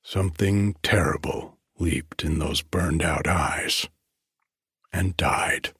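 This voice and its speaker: A man reads a novel aloud in a deep, slow voice so breathy it nears a whisper. He keeps the delivery hushed and intimate throughout. The recording is dry and close, with no room sound. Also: no room sound. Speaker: narrator. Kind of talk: audiobook reading.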